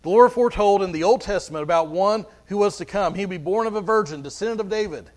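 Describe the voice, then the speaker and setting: A man's voice: sits high, fast talker, a little mellow. A man preaching a sermon as pastor, earnest, often repeating words as he goes.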